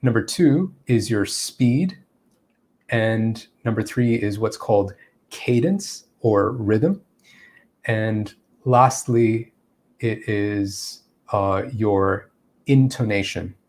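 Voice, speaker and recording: A man's voice: on the low side, lively intonation, very slow, a little mellow. A man giving a live-streamed English lesson, explaining step by step and acting out spoken examples. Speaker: English teacher.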